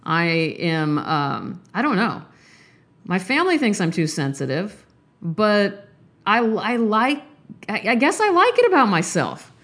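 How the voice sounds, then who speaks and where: Candid woman hosting a podcast. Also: a little slow. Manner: candid, rambling, animated swings in pitch. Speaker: podcast host. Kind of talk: casual monologue.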